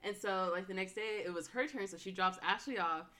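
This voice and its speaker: A young woman telling a story in casual chat, animated and laughing, with lots of "like" fillers. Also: mid-range voice, brisk.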